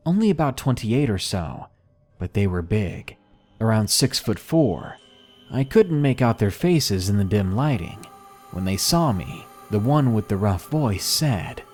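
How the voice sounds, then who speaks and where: A man reading submitted horror stories aloud in a measured, somber first-person narration. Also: on the low side, darkish tone.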